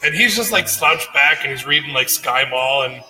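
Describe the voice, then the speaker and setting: Bright-voiced man telling a story. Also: medium pitch, moderate pace, faint music behind, poor audio. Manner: animated storyteller, acts out quotes. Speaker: podcast co-host. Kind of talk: casual storytelling chat.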